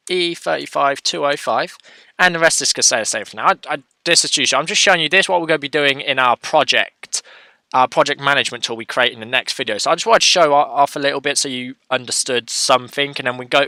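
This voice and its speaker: Bright, crisp-voiced man thinking aloud. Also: medium pitch, no room sound. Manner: thinks aloud, self-correcting, chatty. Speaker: coding tutorial host. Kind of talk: casual screen-share coding tutorial.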